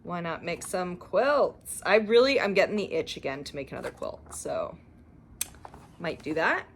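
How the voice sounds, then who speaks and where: With a lowish voice, big pitch swings and normal speed, the young woman from Canada chats on her cross-stitch channel, enthusing over her shopping finds in a casual show-and-tell full of fillers and laughter. Slight background noise can be heard.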